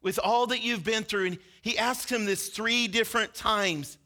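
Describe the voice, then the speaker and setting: A man with a high, bright voice preaches a sermon. He tells the story earnestly and acts out the quoted lines with rising feeling, the way a pastor talks to his congregation. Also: fairly even intonation, moderate pace.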